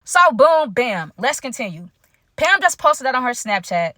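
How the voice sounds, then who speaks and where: Bright, chatty woman telling a storytime. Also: sits high, big pitch swings, measured pace, dry recording, studio quality. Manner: slangy, chatty, talks straight to viewers as y'all and chat. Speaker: content creator telling a story. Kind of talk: casual storytime vlog.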